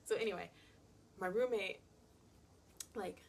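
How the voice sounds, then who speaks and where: A young adult woman vlogger tells a personal story in a dramatic, casual, animated way, saying "like" constantly. Her voice is medium-pitched and unhurried, with slight background noise.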